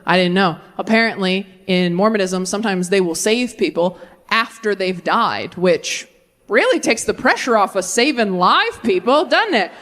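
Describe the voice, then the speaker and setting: A woman's voice: medium pitch, animated, normal speed, a bit bright. A woman performing a stand-up comedy set on a club stage, brash and self-deprecating, talking frankly to a live audience.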